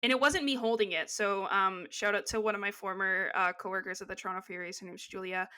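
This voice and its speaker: A woman's voice: mid-range voice, steady tone, fast talker, sharp tone, smooth. A young adult woman co-hosting a podcast, talking in a rambling, casual way with lots of fillers and asides. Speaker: podcast co-host. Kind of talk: casual chat.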